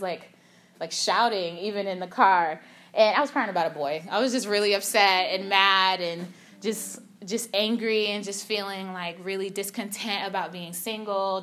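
A young adult woman, a youth speaker with a medium-pitched voice, gives a casual sermon by telling a personal story. She is animated, using lots of filler words and acting out quotes.

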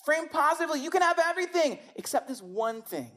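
A woman's voice: high voice, very animated, fast talker, a bit bright. Conversational woman preaching a sermon. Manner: conversational, emphatic, rhetorical questions.

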